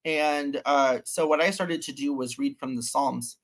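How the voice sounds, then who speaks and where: A man as an interview guest, retelling a personal story in an animated, intense way with sudden loud bursts. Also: mid-range voice, measured pace.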